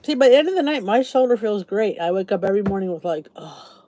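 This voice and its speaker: A woman's voice: mid-range voice, animated, quick pace, warm tone, slight background noise. A middle-aged woman with a Philadelphia accent, chatting casually with live viewers on her channel and answering their comments in a rambling way. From Philadelphia area. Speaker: YouTube channel host.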